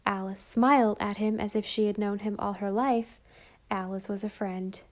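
A woman narrating a storybook in a calm, even way. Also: medium pitch, normal speed. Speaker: audiobook narrator.

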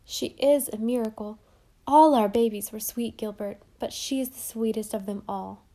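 A gentle, loving young mother voiced by a woman narrator speaks tenderly in a storybook. The tone is mellow and warm. She talks with a soft affection. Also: fairly high pitch, fairly even intonation, moderate pace, close to an everyday voice.

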